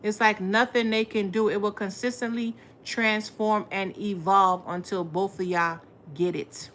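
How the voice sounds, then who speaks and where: A woman's voice: mid-range voice, steady tone, measured pace, a bit bright, a little hiss or hum. A woman giving a casual tarot reading, blunt and full of profanity and slang, talking straight to her viewers. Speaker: tarot reader.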